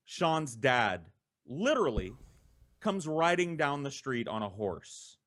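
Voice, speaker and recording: A man hosting a podcast, telling a story from his childhood in a casual, profane, animated way. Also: medium pitch, slow. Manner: profane, animated, with laughter in between.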